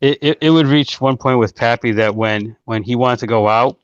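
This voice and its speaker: A guest in a casual chat, telling animated stories about a pet. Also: normal speed, clear, resonant tone, no echo. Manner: storytelling, animated when quoting. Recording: dry, dull low-fidelity sound.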